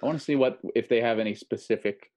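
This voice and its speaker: Co-hosting a casual podcast over a video call, a man runs a small game where people guess headlines. He speaks fast and easygoing at an ordinary middle pitch, with a darkish tone and a rough recording.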